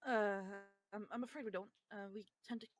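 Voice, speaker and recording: A woman's voice: medium pitch, fairly even intonation, a little fast, background noise. A woman as game master, narrating a tabletop game with many hesitations. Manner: hesitant, filler-heavy narration.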